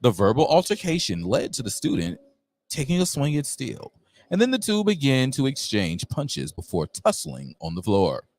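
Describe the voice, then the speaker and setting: A man's voice: medium pitch, huge pitch swings, moderate pace, a little mellow. A man hosting a live talk show, reading news aloud and breaking in with slangy asides. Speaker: radio show host.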